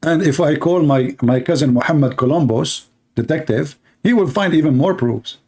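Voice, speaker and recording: A man's voice: a little high, moderate pace, a little mellow. A man giving sarcastic live-stream reaction commentary on a clip, rambling and mocking in broken English.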